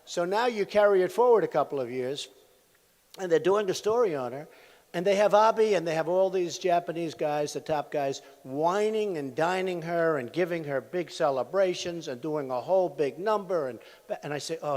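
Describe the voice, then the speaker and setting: A man in his sixties speaks from a podium at a large rally, with a rather high pitch for a man. He rambles through anecdotes, repeats himself and throws asides to the crowd. The hall leaves a long, echoing tail on his voice. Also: lively intonation, normal speed, darkish tone. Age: 60s. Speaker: presidential candidate at a campaign rally. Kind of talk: campaign rally speech. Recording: echoey hall sound from a rally venue.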